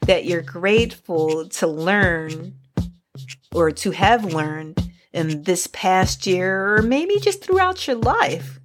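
Slow, lively-voiced woman podcast co-host. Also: fairly low pitch, music in the background. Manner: attentive listener, frequent backchannels and laughter. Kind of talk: casual podcast chat.

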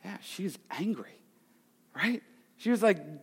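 High-voiced male preacher in echoey hall. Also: expressive, normal speed, a bit bright, slightly rough. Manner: conversational, dramatic swings in pitch and volume. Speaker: pastor. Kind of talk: sermon.

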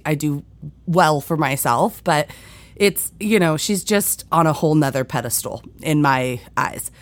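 A woman in her thirties hosting a podcast, telling stories in a casual, candid way, swearing freely and laughing often. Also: sits low. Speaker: podcast host. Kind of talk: casual storytelling monologue.

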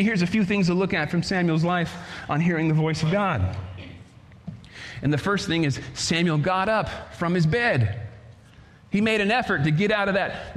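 Male pastor, fairly high voice, fervent sermon delivery in a reverberant church hall. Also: a bit bright. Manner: preaching with swells of volume and stretched phrases.

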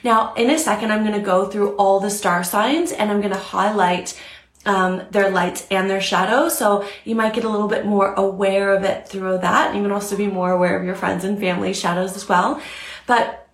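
A woman's voice: mid-range voice, steady tone, normal speed, reverberant. A young woman coaching on a live stream, talking earnestly and reflectively with many fillers. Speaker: spiritual coach. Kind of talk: instagram live talk.

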